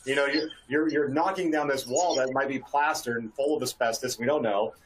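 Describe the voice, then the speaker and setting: A man's voice: mid-range voice, brisk, a little hiss or hum, poor audio. A man who works in asbestos abatement, talking in an exasperated, ranting way with many restarts. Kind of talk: casual panel discussion.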